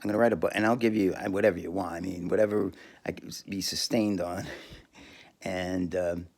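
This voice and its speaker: A man's voice: low voice, steady tone, brisk, vocal fry, a little mellow. A man talking alone on his podcast, crude and rambling, often breaking into laughter and restarting his sentences. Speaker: podcast host. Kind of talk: rambling solo monologue.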